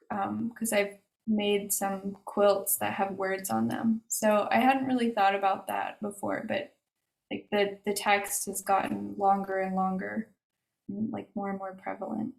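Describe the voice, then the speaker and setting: A woman's voice: medium pitch, fairly even intonation, measured pace, vocal fry. Woman, artist, hesitant casual talk, lots of fillers, roomy echoey sound, video call. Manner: hesitant, many fillers and restarts. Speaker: artist discussing her exhibition. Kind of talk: casual conversational answers.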